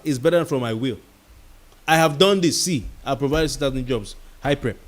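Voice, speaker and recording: With a Nigerian accent, a heated man delivers a late-night talk show monologue, ranting passionately and mixing pidgin words into his English. His voice is middle-pitched, expressive and brisk.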